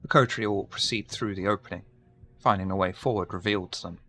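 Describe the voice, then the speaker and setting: A man running a tabletop horror game, narrating scenes in a calm, measured way. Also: deep voice, faint music behind. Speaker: game master.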